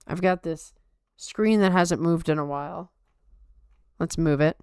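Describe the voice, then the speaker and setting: A woman's voice: fairly low pitch, measured pace, darkish tone, clear, resonant tone, no echo, clean studio sound. A young adult woman hosting a podcast in casual, rambling chat, joking at herself with a playful Valley Girl lilt. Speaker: podcast host.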